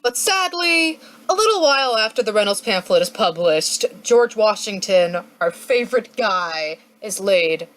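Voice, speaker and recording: A woman's voice: medium pitch, lively intonation, unhurried, hardly any pauses, a bit bright. A woman retelling history as a casual comic vlog, joking and playfully acting out what people said, recorded on a home webcam mic. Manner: playful, jokey, acts out quotes in silly voices. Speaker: history vlogger.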